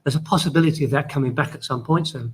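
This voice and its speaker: Male news presenter, husky, measured and explanatory. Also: a little high, rough recording. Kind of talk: casual news summary.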